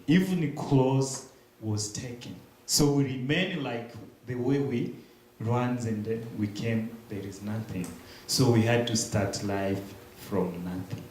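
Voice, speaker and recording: A young man giving a church testimony, telling his story slowly and haltingly with pauses and restarts. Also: mid-range voice, a little mellow. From Democratic Republic of the Congo. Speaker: guest speaker. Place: large echoey church hall. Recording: very echoey room, faint hiss.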